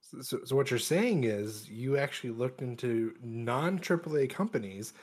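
A man's voice: medium pitch, expressive, normal speed, darkish tone, breathy edge. A man co-hosting a casual podcast, sarcastic and emphatic as he weighs in with his opinions. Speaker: podcast co-host.

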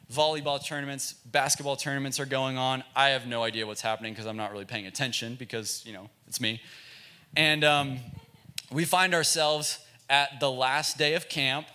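Bright-voiced man telling a funny sermon story. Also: mid-range voice. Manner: casual, self-mocking, chatty with fillers. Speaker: youth pastor.

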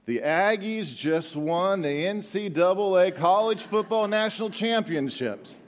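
A man voicing a cheerful, easygoing Cajun man in a joke told during a sermon, speaking in a contented, relaxed way. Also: high-pitched, unhurried. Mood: gleeful.

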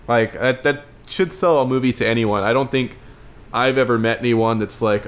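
A man's voice: medium pitch, steady tone, brisk. A man giving a casual, enthusiastic film review, rambling and repeating words as he compares movies.

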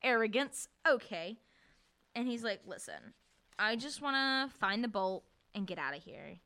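A young woman co-hosting a casual book podcast, laughing often and acting out characters' lines in quick voices. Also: a little high, lively intonation, bright, forceful tone, smooth. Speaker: podcast co-host.

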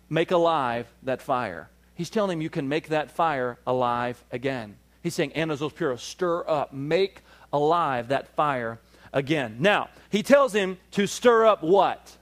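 A man preaching with a voice that sits a little higher than most men's. He surges upward and louder on rallying calls to his congregation, then eases into a slower, steady teaching voice when he walks through scripture word by word. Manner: preaching, rising in pitch and volume on emphatic calls, slowing to explain scripture. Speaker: pastor. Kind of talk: sermon.

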